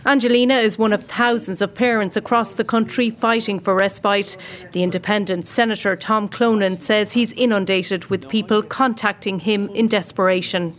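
A woman narrates a news report. Her delivery is steady and measured, with mid-range pitch. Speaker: social affairs correspondent.

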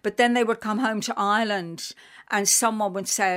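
A woman's voice: medium pitch, fairly even intonation, fairly bright tone. Brief: middle-aged woman from London, interview guest, earnest and emotional, long run-on sentences full of fillers. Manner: earnest, emotional, talks in rushing run-on sentences with many "like" and "you know". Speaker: guest, writer. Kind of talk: radio interview conversation.

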